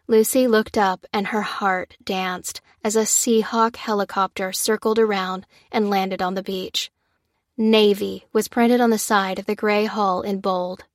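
A woman reading a novel aloud as narrator in steady, measured audiobook narration. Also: medium pitch, dry recording, clean studio sound.

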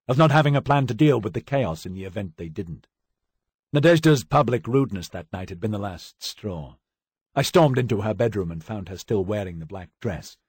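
Male audiobook narrator, low and husky, lively intonation, wry dramatic read. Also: no echo, studio quality. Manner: wry, dramatic storytelling with acted quotes. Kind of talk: first-person audiobook narration.

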